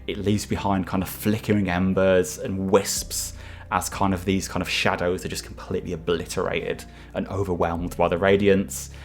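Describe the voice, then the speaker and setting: Deep-voiced game master narrating hesitantly. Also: male voice, little pitch movement, moderate pace, hardly any pauses. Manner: hesitant, filler-heavy descriptive narration.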